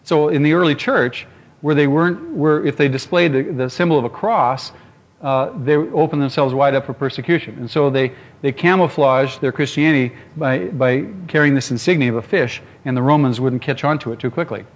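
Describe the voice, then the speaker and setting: A man's voice: mid-range voice, fairly quick, highs cut off. A man preaching to a congregation, telling a personal story with humor and speaking straight to his listeners. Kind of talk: storytelling sermon.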